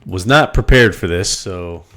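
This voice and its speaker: A man's voice: low-pitched, measured pace, pushed and bright. A man co-hosting a casual live stream, joking, rambling and swearing as he runs giveaways and trivia. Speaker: co-host running giveaways.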